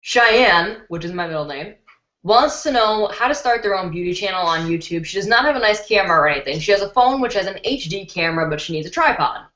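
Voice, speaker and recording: Excitable woman from Chicago hosting a beauty channel live stream, reads comments aloud; lo-fi webcam audio in a roomy space. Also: medium pitch, a little fast. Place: indoors at her computer. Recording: roomy, dull lo-fi webcam sound.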